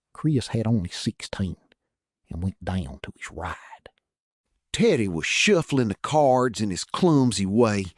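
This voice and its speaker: A man reading a story aloud in an expressive, conversational way. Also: mid-range voice, breathy edge, no room sound, studio quality. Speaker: audiobook reader. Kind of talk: storybook narration.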